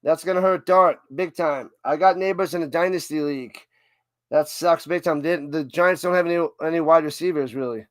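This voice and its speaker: A man's voice: on the high side, fairly quick, dry recording. A man hosting a live stream, chatting casually about football in a rambling, self-interrupting way. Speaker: livestream host.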